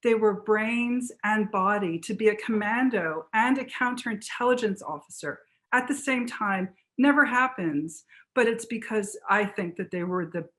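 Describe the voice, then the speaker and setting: Animated woman author telling history. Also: medium pitch. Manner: animated, fast storytelling with restarts. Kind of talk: book talk conversation.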